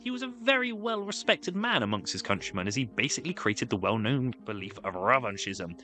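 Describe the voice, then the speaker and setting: A man's voice: medium pitch, sing-song, fairly quick, bright, forceful tone, soft background music. A man giving scripted, comedic history narration with wry, sarcastic asides.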